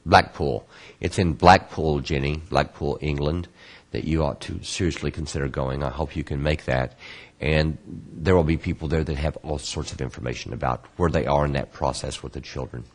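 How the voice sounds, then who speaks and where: Man, very low voice, husky, patient lesson delivery, repeats key terms slowly. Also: fairly even intonation. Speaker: Kabbalah course instructor. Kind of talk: online lesson answering student questions.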